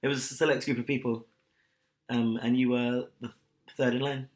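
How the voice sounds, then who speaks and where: A young man co-hosting a casual podcast chat, blunt and scathing and quick to laugh. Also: mid-range voice, little pitch movement. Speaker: podcast co-host. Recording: echoey room.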